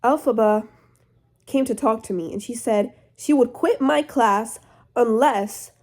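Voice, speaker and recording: A teenage girl voicing a stern, dismissive older woman teacher in a flat, cold tone. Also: on the high side, a little slow.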